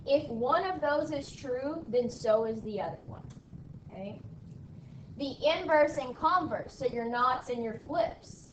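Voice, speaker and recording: A woman teacher leading a math lesson in a classroom, drilling her students with call-and-response and a frequent "okay?". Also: fairly high pitch. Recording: echoey room from far off, faint background noise.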